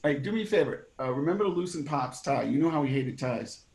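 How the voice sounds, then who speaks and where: A blunt, stammering New Jersey brother. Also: male voice, a little high, animated, fast talker, a little mellow. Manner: blunt, stammering, working-class. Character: rough, blunt grieving younger brother, middle-aged. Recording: roomy echo.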